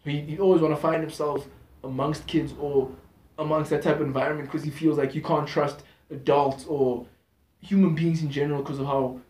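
A man's voice: a little high, steady tone, brisk, darkish tone. Talkative man in an echoey room. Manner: talkative, slangy, restarts often. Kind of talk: casual chat.

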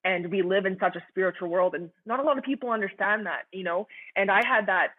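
A woman's voice: medium pitch, quick pace. A young woman sharing her personal faith testimony, earnest and fervent, talking in a loose way full of "like" and "you know". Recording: tinny phone-like sound.

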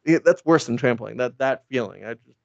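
Gravelly man rambling through a comic retelling. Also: mid-range voice, brisk, no echo. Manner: rambling, swears, laughs often. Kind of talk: casual comedic retelling. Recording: dull lo-fi dry sound.

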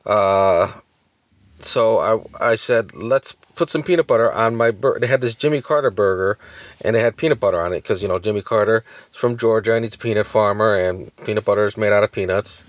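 Hesitant man, low voice, casual podcast chat. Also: fairly even intonation, a little fast, no echo. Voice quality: hesitant, many uhs and self-corrections. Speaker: podcast co-host.

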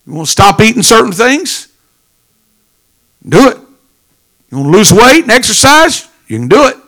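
A pastor preaching a sermon, swinging from low murmurs to shouted lines. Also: male voice, big pitch swings, normal speed.

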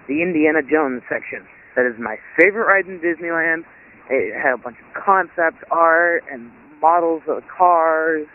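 A man calling in to a podcast with a casual report, excited and chatty and laughing often, heard over a phone line. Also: a little high. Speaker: caller, podcast co-host. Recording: tinny phone line with hiss.

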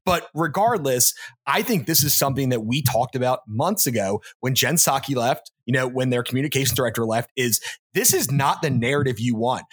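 A man's voice: a little high, fairly bright tone, slightly rough. A man co-hosting a podcast, talking in a casual political chat, emphatic and often repeating words as he builds his argument. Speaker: podcast co-host.

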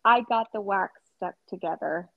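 A young woman telling a work story on a podcast, animated, laughing and acting out quotes with lots of fillers. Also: medium pitch, normal speed, gravelly, no room sound. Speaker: podcast co-host. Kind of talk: casual storytelling chat. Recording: slightly dull dry sound.

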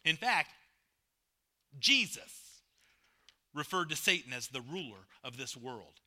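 A man preaches as pastor in a slightly high, sing-song voice at a slow pace. He's emphatic, repeating key phrases, swinging between loud and hushed, and joking with and questioning the congregation.

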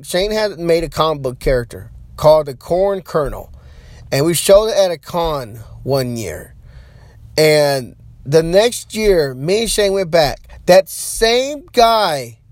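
Male podcast host, slightly high voice, casual rambling delivery, dead dry recording. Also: no room sound. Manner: loose and rambling, talks straight to listeners.

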